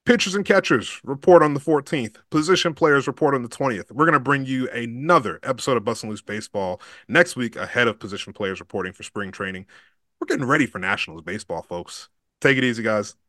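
A man's voice: mid-range voice, lively intonation, quick pace, a bit bright, dry recording. A man filling in as host of a sports podcast, chatting casually and talkatively with frequent restarts, on a studio podcast mic. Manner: talkative, with many restarts and laughs.

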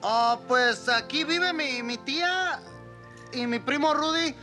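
A man's voice: extremely high pitch, unhurried, pushed and bright, soft background music, full character voice. An actor playing a stranded young man who pleads at a door for his aunt in a film scene. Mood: pleading.

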